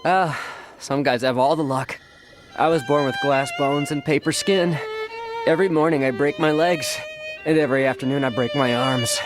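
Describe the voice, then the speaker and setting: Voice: medium pitch, normal speed, over music, natural voice. An actor playing a frail, weary man in a comedic cartoon clip, self-pitying in tone. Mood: mournful. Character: frail adult man with glass bones.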